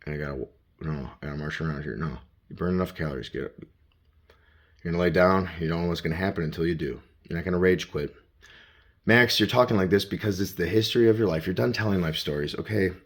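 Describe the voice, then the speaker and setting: A man's voice: low voice, brisk. A man vlogging as he walks around his home, rambling and swearing as he talks to himself in the second person. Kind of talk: rambling self-talk vlog. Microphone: handheld phone.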